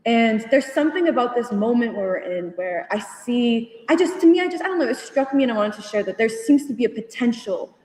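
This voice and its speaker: A young woman retelling a conversation to a study group, animated and full of fillers, laughing as she goes. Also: a little high, fairly quick, few pauses. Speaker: union member sharing at a study group. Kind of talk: casual storytelling in a group discussion. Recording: echoey hall, voice from far off.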